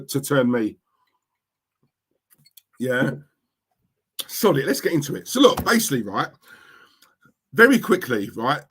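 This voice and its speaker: A man's voice: medium pitch, slightly rough. Man, East London Cockney accent, young adult, casual livestream chat, blunt banter, repeats words. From East London, England. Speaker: livestream host reading chat.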